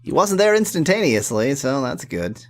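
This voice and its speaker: Lively co-op gamer, laughs often, reads game text aloud in a drawn-down voice. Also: moderate pace. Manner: giggly, reads narration in a lowered voice. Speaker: co-player. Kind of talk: casual let's play chat, reading game text aloud.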